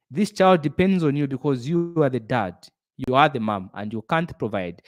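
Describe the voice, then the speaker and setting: A middle-aged man giving a motivational business talk, earnest and preachy, repeating phrases for emphasis. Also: medium pitch. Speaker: business speaker.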